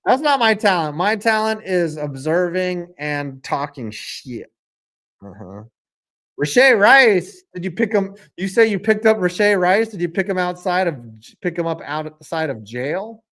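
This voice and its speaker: A man's voice: high voice, expressive, unhurried, a bit bright. Rambling man calling football on stream. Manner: rambling, joking banter mixed with play-by-play; self-deprecating, reads chat aloud. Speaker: stream host. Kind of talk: live sports reaction stream.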